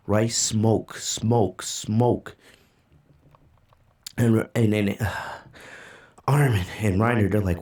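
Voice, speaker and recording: A man hosts a casual reaction video from a home streaming setup, holding back tears as he walks through a manga chapter. His voice sits mellow and soft-edged, and he talks in a loose, rambling way, full of "you know" and "right?". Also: on the low side, measured pace. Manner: emotional, recaps events loosely with fillers. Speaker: manga reaction channel host.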